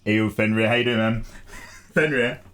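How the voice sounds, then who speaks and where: A man's voice: fairly low pitch, fairly even intonation, a little slow, fairly bright tone, clear, resonant tone. A man hosting a casual livestream, greeting viewers by name in a chatty way and laughing often. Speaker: art livestream host.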